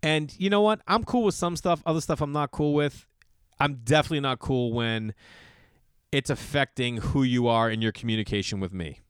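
A man, a comedian, telling a long casual story in a profane, animated way and acting out the people he quotes. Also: medium pitch, moderate pace, clear, resonant tone, no echo, studio quality.

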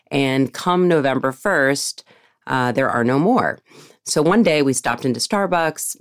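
A woman's voice: a bass voice, dry recording, clean studio sound. A middle-aged woman from the United States hosting a podcast, telling a story in an upbeat way. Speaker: podcast host.

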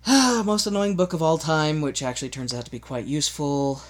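A man's voice: fairly high pitch, a little fast. Goofy man from Utah hosting a chat. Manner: goofy, jokey, drops into silly voices. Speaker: podcast host. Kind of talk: casual chat.

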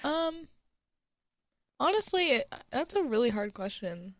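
Giggly young woman, slightly high voice. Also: unhurried, no echo, studio quality. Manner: teasing, giggly, relaxed. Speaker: podcast co-host. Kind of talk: casual chat.

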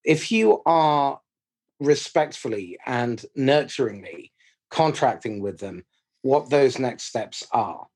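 A man with a husky voice hosts a podcast and lays out sales rules firmly. He leans hard on key words and is blunt about bad sales habits. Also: medium pitch, darkish tone. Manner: emphatic, lecturing, blunt. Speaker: podcast host. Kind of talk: podcast conversation.

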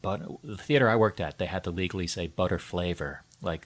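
A man's voice: sits low, brisk. A man in casual conversation, telling rambling, wry stories and breaking into sudden sweary rants. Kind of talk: casual chat.

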